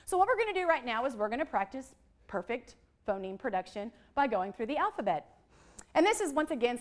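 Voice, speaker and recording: High-voiced woman leading a teacher workshop. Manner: lively, modeling letter sounds to a room of teachers. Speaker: literacy trainer.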